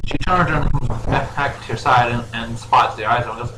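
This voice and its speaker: A man's voice: medium pitch, moderate pace, pushed and bright. Male game master, rambling narration, roomy echo with faint hiss. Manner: rambling, filler-heavy narration. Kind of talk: narrating a tabletop role-play. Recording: echoey room with faint noise.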